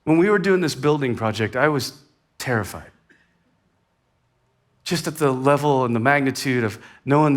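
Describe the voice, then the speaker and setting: Man, pastor, church sermon, conversational, animated rises, hushed asides, mid-pitched voice. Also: moderate pace, long pauses. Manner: conversational, animated with sudden rises and soft drops.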